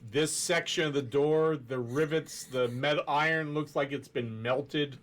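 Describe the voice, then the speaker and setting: Slow, measured male dungeon master. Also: on the high side, fairly even intonation, fairly bright tone. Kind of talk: narrating a tabletop game.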